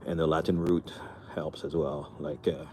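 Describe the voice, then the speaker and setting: A man from France with a light French accent, chatting casually with viewers in a halting, rambling way, sitting outdoors in the cold after a workout. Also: rumbling low, little pitch movement, warm tone, slight background noise. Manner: rambling, halting, many restarts and fillers. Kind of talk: casual livestream chat with viewers.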